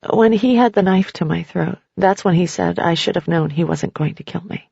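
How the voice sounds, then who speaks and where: A woman's voice: on the low side, moderate pace, creaky, mellow, breathy edge, dry recording, highs cut off. A woman reading the words of a woman who escaped a stalking ex-husband, matter-of-fact.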